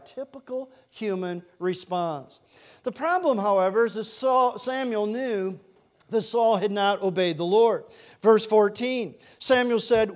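A male pastor preaching a sermon, lively and animated, asking the congregation direct questions. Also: sits high, moderate pace. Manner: animated, acts out scripture quotes in character voices.

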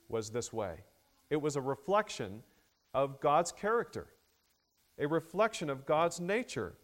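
Slow, measured male preacher. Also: fairly high pitch, animated. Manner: slow, measured delivery with many fillers, rising emphasis on key words. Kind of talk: expository sermon.

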